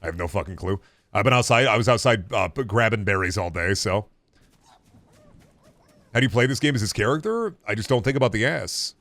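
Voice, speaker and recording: Man, 30s, streamer, low voice, rambling, casual swearing, dry close sound. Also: expressive, brisk, a bit bright, dry recording. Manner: rambling, laid-back, swears freely. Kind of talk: casual gaming-stream chat.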